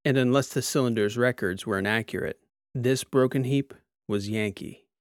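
A man reading a sci-fi short story as narrator, in a measured, steady way. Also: mid-range voice, no room sound, clean studio sound. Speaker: audiobook narrator. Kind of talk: scripted narration.

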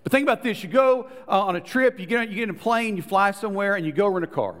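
A man preaching a sermon, telling a story with lively voices for the people in it and sinking to soft, low tones to make a point. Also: fast. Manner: animated storytelling, acting out quoted voices, dropping to soft low tones for emphasis. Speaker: pastor. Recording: long reverb of a large hall.

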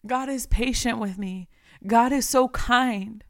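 A woman's voice: on the high side, takes it slowly, no echo, studio quality. A woman giving a conversational devotional talk, earnest and repeating phrases for emphasis. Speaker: devotional speaker.

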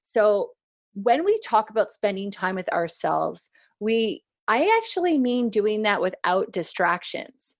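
A woman hosting a podcast in a relaxed, conversational way. She moves from friendly chat into calm, reflective advice as she introduces the episode's theme. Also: mid-range voice, unhurried, dry recording. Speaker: podcast host.

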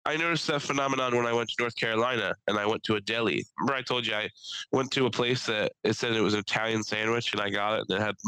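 A young man from Philadelphia with a Philly accent, telling crude, animated stories as a podcast co-host. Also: lowish voice, rapid-fire, clear, resonant tone, dry recording, rough recording. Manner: crude, animated storytelling with put-on quoted voices. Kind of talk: casual chat.

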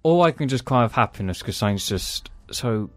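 A man's voice: medium pitch, expressive, brisk, no room sound, faint music behind. A man co-hosting a podcast, talking in a rambling, sweary, casual way. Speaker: podcast co-host. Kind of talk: casual chat.

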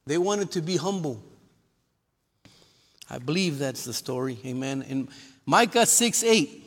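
A man preaching a lively sermon to his church, calling for amens and joking with the congregation. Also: sits high. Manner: lively preacher with call-and-response and humor. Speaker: pastor. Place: church sanctuary. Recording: long reverb of a church hall.

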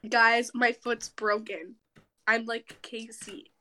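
A woman's voice: on the high side, level tone, takes it slowly, pushed and bright. A young woman co-hosting a casual podcast with friends, rambling and giggly in a goofy way. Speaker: podcast co-host. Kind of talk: casual chat among friends.

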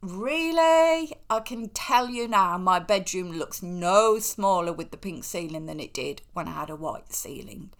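A woman's voice: fairly low pitch, normal speed, few pauses, fairly bright tone. A middle-aged woman hosting a casual solo talk on interior decor, chatty and opinionated, with self-mocking asides.

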